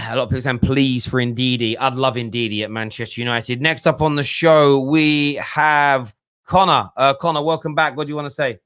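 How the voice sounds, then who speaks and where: A man's voice: medium pitch, a bit bright, smooth, no room sound, studio quality. A man hosting a fan call-in show with a chatty, joking manner who laughs easily with callers. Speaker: host.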